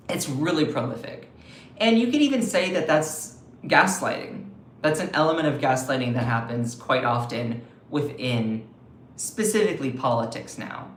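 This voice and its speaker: A man's voice: a little high, echoey room, a little hiss or hum. A man with a Southern US accent giving emphatic political commentary on a live stream, often repeating and restarting his phrases. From Southern United States.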